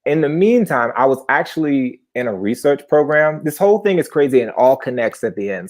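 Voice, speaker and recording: A man in his twenties telling a personal story live, chatty and animated, with sudden high-pitched bursts. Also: fairly quick.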